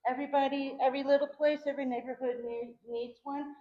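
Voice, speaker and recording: A woman's voice: high-pitched, flat delivery, quick pace. Impassioned woman organizer, shaky with nerves. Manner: earnest, heated, rallying. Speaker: precinct organizer. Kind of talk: impassioned town hall speech. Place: community center hall. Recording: very echoey, dull hall sound.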